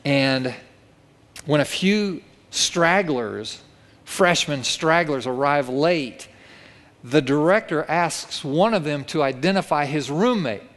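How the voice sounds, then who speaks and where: Pastor guy preaching, kinda high voice, long echo like a big church hall. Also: expressive, slow pace, a bit bright. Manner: vivid storytelling, acts out quoted lines with rising pitch. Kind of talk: sermon.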